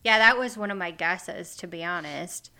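Woman from the midwest chatting casually, bright voice, hedges a lot. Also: lowish voice, normal speed, gravelly. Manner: chatty, hedging with "I'm assuming". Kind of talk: casual chat. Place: North Carolina.

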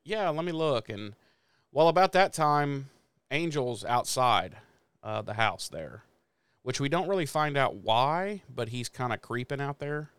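A man's voice: medium pitch, measured pace, clean tone, no echo. A man from the Midwest co-hosting a podcast, recapping a TV episode in casual chat and acting out the characters' lines with plenty of swearing. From American Midwest. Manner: animated retelling with profanity and acted-out quotes. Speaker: podcast co-host.

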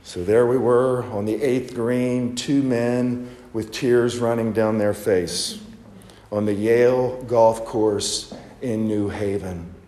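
A man's voice: lowish voice, fairly even intonation, slow, dark tone. A male pastor preaching an Easter sermon in a conversational storytelling manner, asking rhetorical questions. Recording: echoey hall with long reverb.

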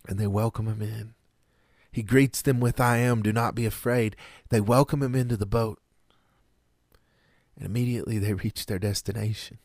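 A man preaching a sermon in an earnest, measured way, with dramatic pauses. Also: lowish voice, a little mellow, dry recording, clean studio sound.

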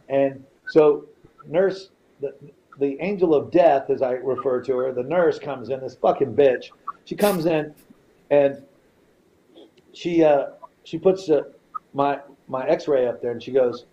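A man's voice: medium pitch, mellow, lo-fi sound, slight background noise. A man, a retired fighter, is a podcast guest telling a story casually in blunt, profane language and often repeats himself.

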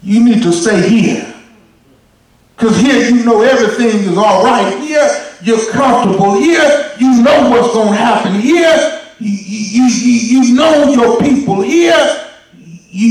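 A male preacher voicing a grieving, bitter old widow, pleading in shouted bursts. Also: extremely high pitch, a little slow. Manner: pleading, repeats words in bursts. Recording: echoey hall from far off, congregation.

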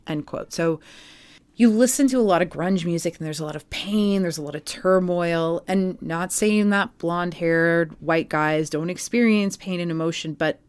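A woman's voice: on the low side, moderate pace, clean tone, no room sound. A woman co-hosting a podcast, telling a music history story in a casual, chatty way with plenty of fillers. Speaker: podcast co-host.

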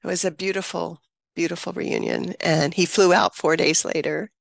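A woman's voice: fairly low pitch, moderate pace, gravelly, no echo. A woman in her seventies, a guest on an interview show, telling a personal story with emotion and frequent laughter. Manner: animated, laughs often, acts out quoted voices.

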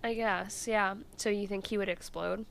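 Here a woman co-hosts a podcast, chattily recapping a TV episode with plenty of "like" and "um." Her mid-range voice is gravelly and fairly bright, with fairly even intonation at a normal speed, and there's a little hiss or hum.

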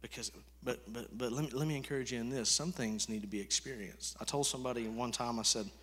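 A pastor preaching a sermon in a conversational way, swinging from hushed to loud. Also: male voice, mid-range voice, fast talker, husky. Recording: echoey hall reverb.

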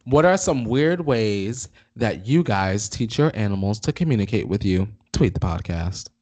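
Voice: mid-range voice, animated, normal speed, a little mellow. A podcast co-host chatting casually with a sassy, playful manner.

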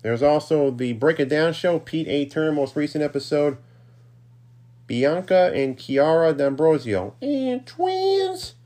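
A man hosting his own podcast, reading listener shout-outs in a rambling, self-deprecating way with offhand asides. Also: fairly high pitch, a little slow. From New York's Capital Region. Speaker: podcast host.

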